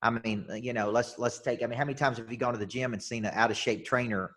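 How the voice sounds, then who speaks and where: A man's voice: medium pitch, fairly even intonation, quick pace, fairly bright tone. A man from the United States, a business coach talking as a podcast guest, tells stories emphatically and often repeats his first words as he starts a sentence. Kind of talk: energetic storytelling in a podcast interview.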